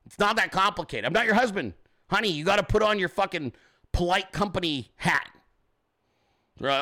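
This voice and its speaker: A man's voice: a little high, animated, a little fast, bright, forceful tone. A man hosting a livestream, ranting profanely and combatively at commenters in his chat. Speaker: show host.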